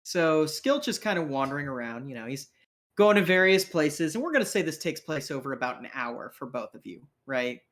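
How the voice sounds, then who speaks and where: A man's voice: a little high, expressive, fairly quick, fairly bright tone. A man narrating as game master for a tabletop game, casual with many fillers.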